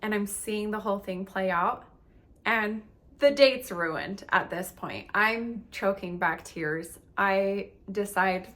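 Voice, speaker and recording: A woman's voice: mid-range voice, slow pace, fairly bright tone. A woman coach telling a personal story in a candid, emotional, casual way, with lots of filler words. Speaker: relationship and meditation coach.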